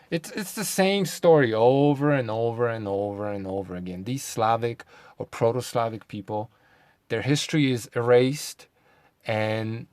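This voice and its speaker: A man's voice: medium pitch, no room sound. A man hosting his own video in a casual monologue, sarcastic, firing off rhetorical questions and muttering swearing asides. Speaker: video host.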